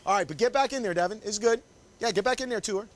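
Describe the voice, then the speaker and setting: A male wedding photographer teaches through a live posing demonstration in a cramped indoor shooting space, speaking into a body mic. His voice is high-pitched and very fast, upbeat and encouraging as he coaxes the couple and directs their poses nonstop.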